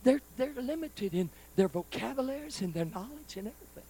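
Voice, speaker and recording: High gravelly preacher guy telling a story in church, folksy, goes loud then drops way down quiet. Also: expressive, fairly quick. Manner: dramatic, swinging from loud bursts to hushed, near-whispered asides; folksy, conversational, addresses the congregation directly. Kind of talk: storytelling sermon. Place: church sanctuary, live service.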